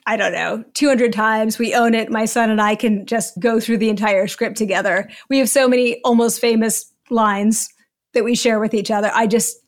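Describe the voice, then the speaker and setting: A woman's voice: fairly high pitch, fairly even intonation, moderate pace. A woman guest in an interview, talking enthusiastically and a little rambling, often laughing between thoughts. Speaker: podcast guest. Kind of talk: conversational interview.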